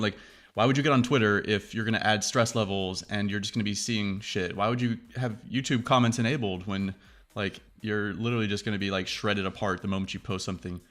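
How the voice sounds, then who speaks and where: Animated, profane male host. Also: fairly low pitch, fairly quick. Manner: animated, acts out quoted reactions; profane, rambling. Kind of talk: casual chat.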